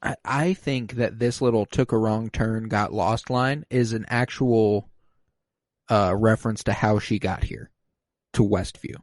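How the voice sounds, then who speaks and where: A man co-hosting a casual podcast, animatedly retelling scenes and jumping into high voices for the quotes. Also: steady tone, a little slow, no echo. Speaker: podcast co-host recapping a TV episode. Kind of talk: casual chat.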